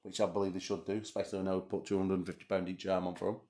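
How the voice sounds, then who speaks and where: A man's voice: sits low, little pitch movement, racing, mellow. A man hosting a casual chat, teasing and crude, laughing often. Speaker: host. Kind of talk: casual banter.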